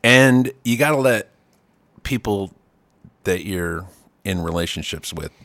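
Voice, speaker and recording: A man co-hosting a casual chat, telling stories in an animated, profane way. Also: low-pitched, unhurried, dry recording. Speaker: podcast co-host.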